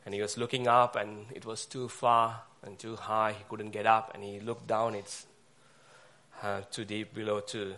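A man preaching a sermon, speaking haltingly with fillers and pauses. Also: on the low side, flat delivery, pushed and bright.

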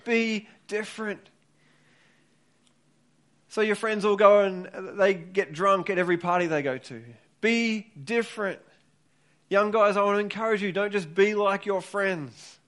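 A high-voiced man delivering a sermon in an earnest, urging way. As a pastor speaking to his congregation, he often doubles back on a word before pressing his point home. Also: a bit bright. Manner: earnest, urging, repeats words as he builds each point.

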